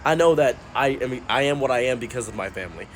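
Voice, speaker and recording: A man telling a comic story about his family in a casual, wry, deadpan way. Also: mid-range voice, quick pace, slight background noise. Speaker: commentary storyteller.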